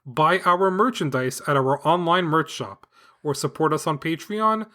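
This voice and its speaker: A man hosting a children's podcast with his daughter, reading a script in an upbeat, enthusiastic, clearly paced way. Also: fairly high pitch, measured pace, sharp tone. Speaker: podcast host and father. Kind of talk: scripted podcast narration for kids.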